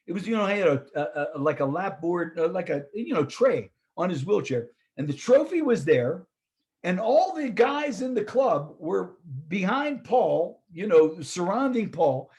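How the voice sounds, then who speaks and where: An older man with a husky, fairly high voice tells a story to his audience. He acts out the quoted dialogue with animated energy and keeps a relaxed, chatty flow. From Pittsburgh, US. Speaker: presenter. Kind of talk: storytelling talk.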